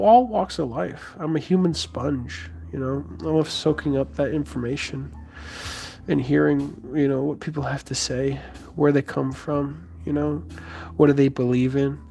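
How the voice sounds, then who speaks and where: A young man from the United States talks to his stream viewers in a loose, rambling way, thanking them and trailing off into fillers and restarts. His voice sits a little higher than most men's. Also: creaky, mellow, slight background noise. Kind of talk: casual live-stream chat with viewers.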